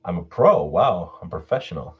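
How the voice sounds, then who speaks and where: Low gravelly-ish guy on his live stream, swears a lot, chill storytelling, muffled audio. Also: normal speed. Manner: laid-back, swears freely, animated when retelling. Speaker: channel host doing a live stream Q&A.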